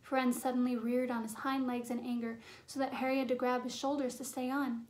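A woman narrating a fantasy novel as an audiobook, in a measured, suspenseful storytelling manner. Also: high-pitched, level tone, darkish tone. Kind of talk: storybook reading.

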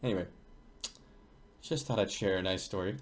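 A man's voice: sits low, normal speed. Profane, rambling young streamer man. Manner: crude, rambling, profane banter. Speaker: live streamer. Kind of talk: casual stream chat while gaming.

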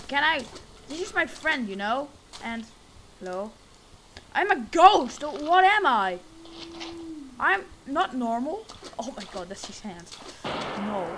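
Jumpy high-voiced woman playing a horror game. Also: heavy background noise. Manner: jumpy, swears a lot, yells at enemies. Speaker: gameplay streamer. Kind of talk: horror game let's play commentary. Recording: loud game music behind the voice.

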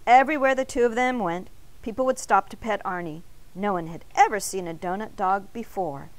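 A woman teacher reading a picture book aloud in an expressive storytelling manner. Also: mid-range voice, a little fast.

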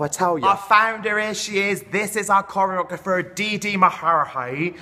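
A man's voice: high-pitched, normal speed, hardly any pauses, pushed and bright. A man chatting in character in a comic vlog, with camp, self-promoting showbiz patter, out of breath after dancing in a dance hall. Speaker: comedy character vlogger.

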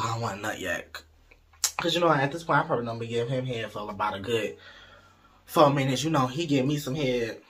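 Raspy, bright-voiced man telling a story. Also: mid-range voice. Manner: animated, profane, gossipy, addresses listeners as y'all and baby. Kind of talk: casual storytime monologue.

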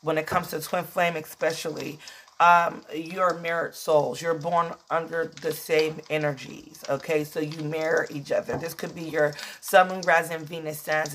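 A woman's voice: sits low, little pitch movement, moderate pace, a bit bright, a little hiss or hum. Emotional chatty woman tarot reader. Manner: chatty, emotional, calls listeners "child". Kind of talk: casual tarot reading.

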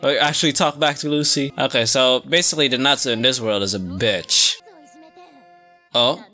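A man hosting an anime reaction video, talking casually with lots of slang and breaking into sudden high yelps and gasps. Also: sharp tone. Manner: casual slangy talk with many restarts. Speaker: anime reaction channel host. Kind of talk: live reaction commentary.

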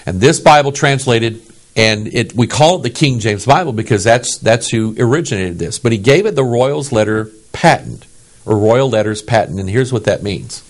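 A man's voice: medium pitch, moderate pace. A pastor from the United States preaching a sermon in an emphatic way, often checking in with his listeners. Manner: animated, emphatic, asks the audience "okay?".

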